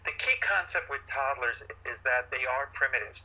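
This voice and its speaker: A man, a paediatrician guest in an interview, explaining parenting advice in an animated way and acting out parents and children as he goes. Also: mid-range voice, normal speed, husky, rough recording.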